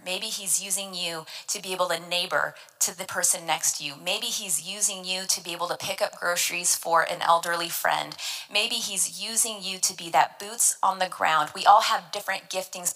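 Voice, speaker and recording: Woman, devotional Bible teacher, earnest and emphatic; lowish voice with a bright, forceful edge. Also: low-quality recording. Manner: earnest, emphatic, explains scripture word by word.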